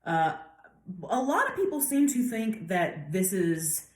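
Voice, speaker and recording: A woman professor giving a casual literature lecture, paraphrasing the text in lively slang. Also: mid-range voice, measured pace, echoey room. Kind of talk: lecture with dramatic readings.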